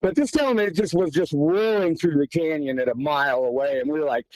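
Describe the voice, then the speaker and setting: Higher-voiced man telling a hunting story. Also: brisk, a little mellow, dry recording, poor audio. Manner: tense, vivid retelling with quoted dialogue. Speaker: guest hunter recounting an encounter. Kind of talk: casual storytelling.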